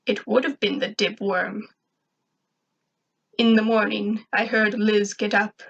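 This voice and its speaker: A woman reading a first-person fan fiction story aloud, steady and even. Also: medium pitch.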